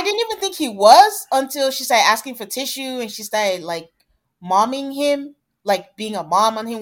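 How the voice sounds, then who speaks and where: A woman's voice: fairly high pitch, lively intonation, normal speed. A woman co-hosting a podcast, chatting casually and retelling a reality show with quoted asides. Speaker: podcast co-host.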